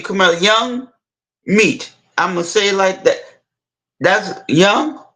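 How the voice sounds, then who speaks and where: A man retells a movie scene in a casual, rambling way, halting often and restarting or repeating his sentences. His high voice sounds pushed and bright, and the recording quality is low.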